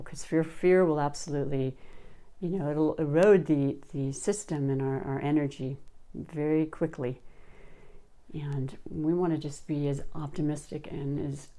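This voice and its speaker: Low, mellow-voiced woman reading tarot. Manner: warm-hearted, gushing, many restarts. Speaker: tarot reader.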